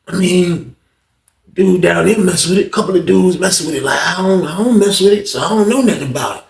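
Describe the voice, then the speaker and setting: Brief: man doing older male inmate, long-timer, dismissive, pitched a bit up. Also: fairly quick, creaky, reverberant, recorded from a distance.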